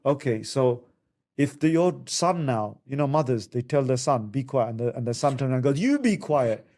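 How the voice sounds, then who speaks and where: Male counsellor, conversational podcast delivery, mimics others in raised voices. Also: brisk. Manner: animated, acts out quotes with high voices. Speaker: Islamic family counsellor.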